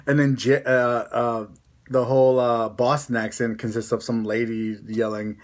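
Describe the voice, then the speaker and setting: A young man with a Connecticut accent talking casually to his viewers in a vlog. He rambles along in an easygoing way, full of fillers and restarts, at an average pitch. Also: level tone, normal speed. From Connecticut, USA. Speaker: vlogger. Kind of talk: casual chat to camera.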